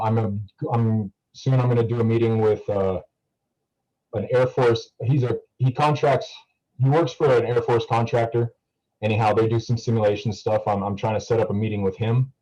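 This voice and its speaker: A man's voice: on the low side, warm tone, muffled recording. A young man talking casually to a class over a video call, rambling with many fillers and restarts. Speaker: student guest speaker.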